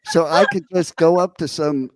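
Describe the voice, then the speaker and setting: A man's voice: on the high side, normal speed, a little hiss or hum. A man hosting a radio show, joking crudely and teasing his co-host. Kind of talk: casual radio banter.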